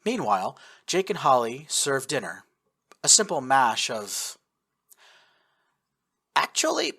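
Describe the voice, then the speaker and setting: An expressive man reads a first-person war tale aloud with lively storytelling. His voice is bright and forward, and his pitch moves freely over a wide range. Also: unhurried, slightly rough. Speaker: narrator. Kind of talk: first-person audiobook narration of fan fiction.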